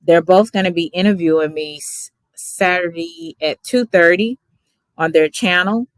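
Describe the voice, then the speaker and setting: A woman's voice: lowish voice, measured pace, dry recording, studio quality. A woman from Dallas with a Texas accent, sleepy and chatty, rambling as she thanks her livestream viewers by name. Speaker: YouTube reaction streamer. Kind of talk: casual livestream sign-off.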